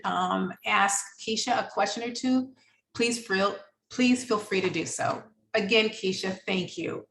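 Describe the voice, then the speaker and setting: Enthusiastic woman moderator in an echoey room. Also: medium pitch. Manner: enthusiastic, gushing thanks. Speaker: session moderator. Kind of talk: hosting an online conference session. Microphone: video call.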